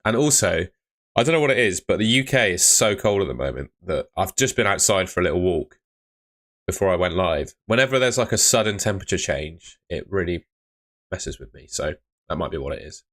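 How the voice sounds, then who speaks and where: A man's voice: low voice, expressive, brisk, a bit bright. A man hosting a casual live stream, chatting and answering viewers' questions, often calling them mate.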